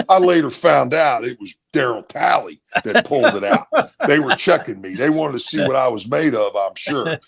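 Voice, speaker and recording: Sixties ex-football guest, gravelly, punchy storyteller. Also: male voice, medium pitch. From Maryland, USA. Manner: lively, punchy anecdotes with repeats. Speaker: former football player, guest. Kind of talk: animated storytelling.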